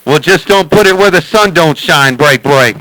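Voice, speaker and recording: A man with a high, bright voice ribs his buddies over the CB, tossing out their handles again and again. His talk is casual and joking, full of repeated calls. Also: animated, moderate pace, no room sound, poor audio. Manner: teasing, repeats calls like "hey, Sandman". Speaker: CB radio operator streaming live. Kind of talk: casual radio chatter.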